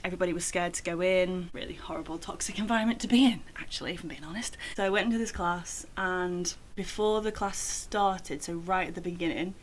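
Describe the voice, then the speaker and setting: A woman's voice: on the low side, fairly quick, hardly any pauses, a little hiss or hum. A young woman telling a personal story in a casual vlog, chatty and full of "like" fillers. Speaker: vlogger.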